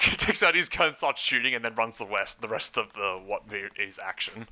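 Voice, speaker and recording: A man's voice: medium pitch, moderate pace, few pauses, pushed and bright. A man playing a tabletop game, casually describing his character's moves, swearing and laughing. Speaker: player.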